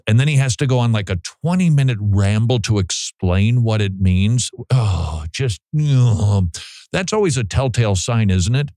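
A man's voice: lowish voice, lively intonation, moderate pace, warm tone, dry recording. A man hosting a talk show, giving sarcastic, mocking commentary with laughing asides. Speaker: host.

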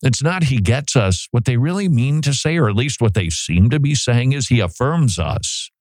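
A male pastor delivers a sermon with a lively, swooping pitch that rises and falls on every point. He is emphatic and often stumbles over repeated words as he presses ahead. The sound is dry and close, with no room echo. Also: normal speed. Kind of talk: expository sermon.

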